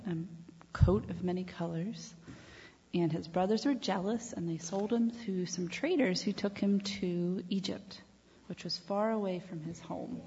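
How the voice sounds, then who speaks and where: A woman leads a children's talk in a church, speaking gently and asking the kids questions as she tells a story. Her voice is dark and husky with a gravelly edge. The sound is dull and lo-fi, with a long church echo behind it. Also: on the low side. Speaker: children's time leader. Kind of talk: children's sermon. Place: church sanctuary.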